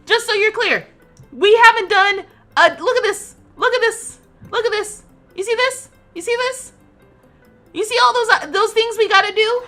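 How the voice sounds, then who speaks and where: A woman in her thirties streaming a life-sim game, ranting dramatically with loud outbursts and laughter, then settling into explanations for her chat. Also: very high-pitched, normal speed, soft background music. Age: 30s. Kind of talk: livestream gameplay commentary.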